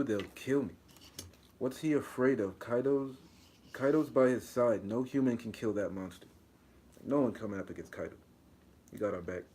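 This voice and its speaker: A man's voice: on the low side, dark tone, slight background noise. A man co-hosting a manga review podcast, chatting in a laid-back, joking way and reading panels aloud. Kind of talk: casual chat, reading comic aloud.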